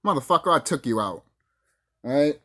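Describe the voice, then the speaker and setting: Brief: mid-pitched vlogger, big lively swings in pitch, foul-mouthed boastful rant. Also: normal speed. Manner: profane, boastful, acts out quoted voices. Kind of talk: ranting monologue.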